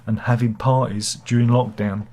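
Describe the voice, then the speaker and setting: A man hosts a relaxed live chat with a slight cold and a cough in his throat. He rambles, restarts his sentences and fills the gaps with ums. His pitch sits in the usual middle range for a man. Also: moderate pace. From United Kingdom. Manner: rambling and hesitant, many fillers and restarts, jokey asides. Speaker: host of a live chat show. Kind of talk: casual opinionated chat, reading viewer comments.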